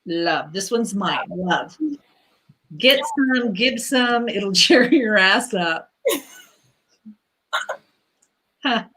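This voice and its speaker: A woman runs a casual spiritual livestream, pulling cards for viewers, chatting bluntly, laughing easily and swearing freely. Her mid-range voice is animated, with drawn-out words and long pauses, and there's background noise behind her.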